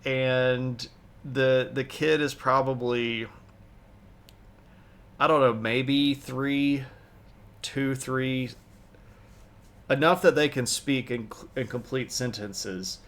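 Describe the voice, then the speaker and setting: A man's voice: mid-range voice, fairly even intonation, slow pace, long pauses, a bit bright. A man chatting casually on a history livestream, rambling with many fillers and restarts. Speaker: history streamer.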